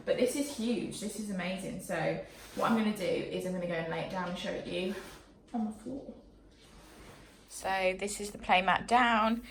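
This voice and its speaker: A woman's voice: medium pitch, distant mic, a little hiss or hum. Breathless, gushing pregnant vlogger, young adult woman; camera a few feet back in an echoey living room. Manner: excited, gushing, casual. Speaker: parenting vlogger. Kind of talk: unboxing vlog. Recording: echoey room, camera mic away from her.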